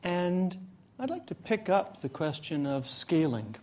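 A man presenting at a meetup, telling a joke and then explaining his ideas in a measured way. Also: sits high. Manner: relaxed joking storyteller, then measured explainer. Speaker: presenter, guest speaker. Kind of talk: live talk at a meetup. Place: meetup room in front of an audience.

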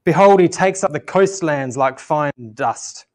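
A man preaching a communion sermon at church and reading scripture aloud in a measured, earnest way. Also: fairly high pitch, a little mellow.

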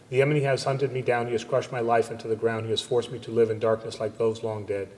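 A man serving as liturgical reader, reciting psalms in a steady, even manner at a church service. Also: medium pitch, quick pace, hardly any pauses. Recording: long church reverb on a livestream.

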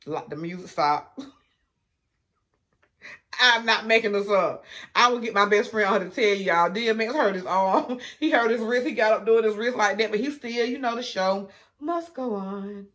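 A woman's voice: mid-range voice, normal speed, a bit bright. Chatty woman telling a story. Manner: chatty, addresses viewers as y'all, laughs often. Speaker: food vlogger. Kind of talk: casual storytelling to viewers.

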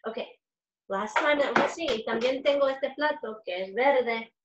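A children's music educator from Los Angeles leads a bilingual lesson, talking and singing in an upbeat, coaxing way as she switches between English and Spanish. Her voice is a little high and moderately paced, but the mic is distant, the audio dull, and the noise heavy. The roomy home stream carries guitar and keyboard music.

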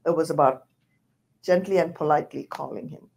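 An older woman, a panel guest, telling anecdotes in a lively way and laughing through her points. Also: deep voice, a little fast, creaky, husky. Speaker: panel guest, former university president.

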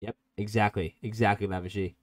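A man's voice: on the low side, fairly even intonation, brisk, no echo. A man teaching a live online coding workshop in a casual, rambling way, reacting to chat and prone to giggling. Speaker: workshop instructor.

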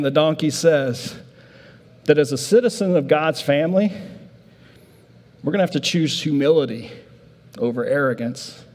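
A man preaching a sermon as pastor, telling the story with lively acted-out voices of the disciples. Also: a little high, in a large hall. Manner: animated storytelling, voicing disciples in a raised voice. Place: church sanctuary.

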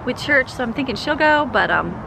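A woman's voice: high-pitched, expressive, a little fast, creaky, background noise. A woman vlogging her family's day, chatting with her kids and the camera. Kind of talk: casual family vlog chat.

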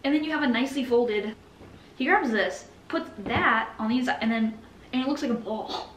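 A young woman talks casually to camera in a home vlog, her voice fairly high and fairly bright at a normal speed. Self-mocking and scattered, she's recorded in an echoey room with faint ambience and slight background noise.

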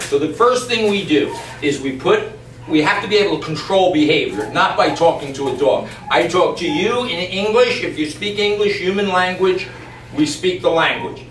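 A man training a dog on camera, explaining each step calmly and emphatically and breaking off to speak to the dog. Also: high-pitched, moderate pace. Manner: calm, emphatic, talks to the dog in between. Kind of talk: on-the-spot training demonstration. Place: yard and doorway of a house. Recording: distant, echoey camera audio with background noise.

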